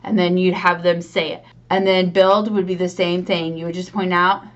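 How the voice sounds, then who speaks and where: A woman's voice: lowish voice, flat delivery, normal speed, dull audio. A woman reading tutor demonstrating how she teaches children to blend sounds, speaking patiently and encouragingly. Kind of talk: instructional demonstration.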